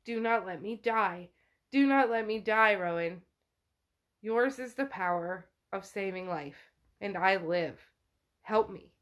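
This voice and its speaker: A woman's voice: medium pitch, slow, close to an everyday voice. A woman reading as a pleading newborn spirit. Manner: pleading, insistent. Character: demanding newborn male spirit being.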